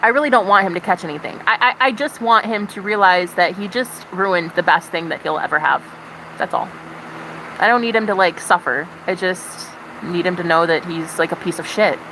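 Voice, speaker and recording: A woman livestreamer ranting to her chat in casual, profane, animated talk. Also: fairly low pitch, moderate pace, background noise.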